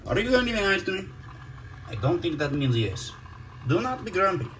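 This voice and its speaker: A man putting on a high, cooing baby-talk voice to talk to his snake. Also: sing-song, normal speed, fairly bright tone, a little hiss or hum.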